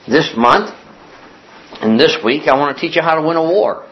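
A male pastor delivering a sermon after an opening prayer, reading scripture aloud and repeating key definitions slowly for emphasis. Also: on the high side, lively intonation, highs cut off, a little hiss or hum. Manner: reads scripture aloud with pauses for note-taking.

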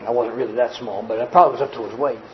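A man preaching a sermon, telling a story in an animated, folksy way and acting out the scenes for a live congregation. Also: medium pitch, racing, highs cut off, slight background noise. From grew up poor in a small family.

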